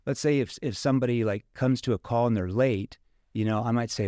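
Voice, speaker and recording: A man's voice: medium pitch, fairly quick, warm tone, no echo, clean studio sound. A man from rural Missouri, a sales trainer talking casually in an interview and acting out questions in different tones.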